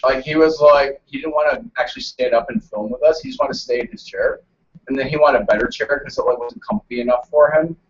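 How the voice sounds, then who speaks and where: On a casual live stream, a show regular with a mid-range voice talks fast, telling stories, joking and teasing his friends. He sits far from the mic, so his voice sounds off-mic on lo-fi audio.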